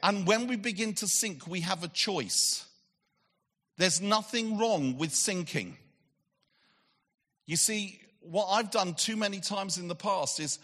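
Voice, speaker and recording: A man preaching a sermon, telling a Bible story with animated delivery and acted-out voices, swinging from excited to hushed. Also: sits high, slow. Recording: long hall reverb.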